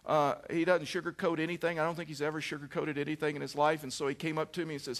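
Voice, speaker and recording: Pastor, middle-aged man, lively storytelling sermon, voice a bit on the high side. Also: fast talker. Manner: animated storyteller, frequent restarts and "I mean".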